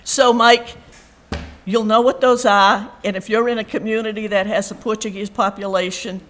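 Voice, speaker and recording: A woman of middle pitch is giving farewell remarks at a town board meeting. She is teasing and laughs often as she speaks. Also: steady tone, normal speed, a bit bright, slight background noise. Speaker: board member.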